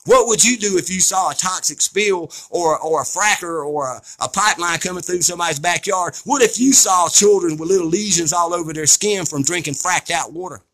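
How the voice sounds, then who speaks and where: A man's voice: sits high, a little fast, hardly any pauses, a bit bright. A man delivering a fiery, preachy monologue, blunt and profane, scolding his listeners. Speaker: activist speaker. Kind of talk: impassioned monologue.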